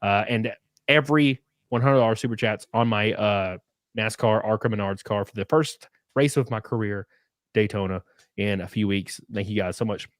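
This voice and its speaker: A man's voice: fairly low pitch, normal speed, no room sound, studio quality. A man from Alabama with a thick Southern accent, hosting a casual live stream and chatting loosely, cursing now and then. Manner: loose, excitable, swears casually. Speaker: stream host. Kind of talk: casual chat.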